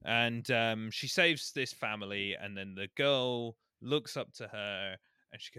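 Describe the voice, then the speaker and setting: A man on a podcast, chatting in an animated, mock-outraged way and acting out lines he quotes. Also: fairly low pitch, unhurried, clean tone, no echo, studio quality. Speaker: podcast co-host. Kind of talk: casual chat.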